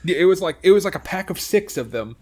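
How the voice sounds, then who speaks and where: A man's voice: sits high, lively intonation, fast, a little mellow. A man in his twenties, a podcast co-host in casual chat, adding wry asides and then telling his own story.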